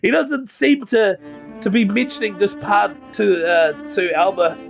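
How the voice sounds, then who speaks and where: High-voiced, slow game master. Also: male voice, expressive, vocal fry, faint music behind. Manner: halting, filler-heavy narration. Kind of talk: narrating a tabletop game.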